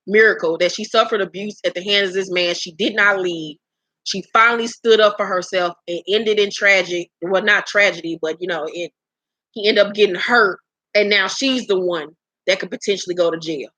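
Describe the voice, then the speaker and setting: A woman's voice: medium pitch, fairly bright tone, no room sound. A woman giving a casual, blunt, profane recap of a reality show episode in a chatty vlog.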